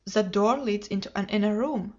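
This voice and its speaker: A woman's voice: medium pitch, moderate pace, a little mellow, lightly acted. A woman reading the part of a firm, plain-spoken male clerk, in a dull lo-fi recording. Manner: firm and direct.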